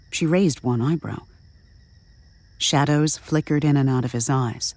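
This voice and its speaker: A woman narrates an audio drama in a steady, measured way. Her voice sits low, and the recording is dry and close. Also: no echo.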